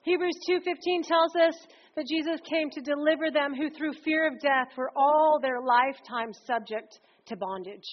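A woman preacher delivering a sermon in a conversational, energetic way, often slipping into acted quotes. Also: high-pitched, moderate pace, few pauses. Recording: dull lo-fi recording.

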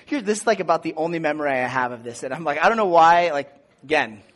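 High-voiced, chatty man preaching casually. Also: quick pace. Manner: chatty and animated, many fillers, acts out voices in a high shout. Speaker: pastor. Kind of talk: casual sermon with personal story.

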